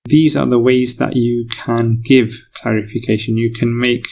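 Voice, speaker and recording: A man's voice: mid-range voice, fairly even intonation, measured pace, gravelly, darkish tone. A male English teacher explaining a lesson patiently, repeating key phrases for learners.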